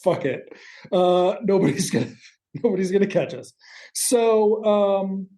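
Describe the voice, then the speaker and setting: Mellow-voiced man rambling through a recap. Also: high-pitched, animated. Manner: rambling, quick asides with casual swearing. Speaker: podcast co-host. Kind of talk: casual chat recapping a TV episode.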